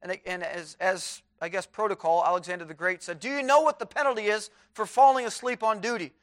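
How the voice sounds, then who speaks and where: Male preacher, sermon, high voice, reads scripture aloud, fervent delivery. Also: steady tone, a little fast, fairly bright tone. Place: chapel.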